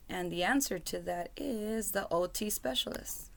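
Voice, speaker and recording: Speaking slowly with vocal fry and few pauses, a parent vlogger talks casually into her webcam mic at home. She's an adult with a school-age son, and her mid-range voice rambles along, full of fillers and frequent apologies.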